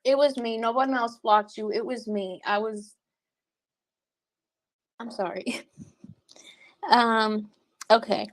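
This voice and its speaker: A woman livestreaming and reading her chat, talking bluntly with lots of cursing and quick laughs. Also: a little high, steady tone, no room sound. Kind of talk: casual livestream commentary.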